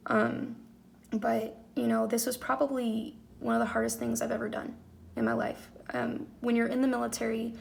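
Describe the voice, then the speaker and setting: A woman's voice: on the high side, creaky. A young woman, a military spouse, talking openly and emotionally in a rambling personal vlog with lots of fillers, on lo-fi audio. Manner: open, rambling, emotional talk with many fillers. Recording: lo-fi audio with faint noise.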